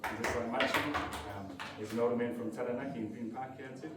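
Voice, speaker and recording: A young man with a New Zealand accent giving a halting, emotional farewell speech, his voice choking up between fillers. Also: medium pitch, steady tone. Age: young adult. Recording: echoey room, distant mic, loud noise.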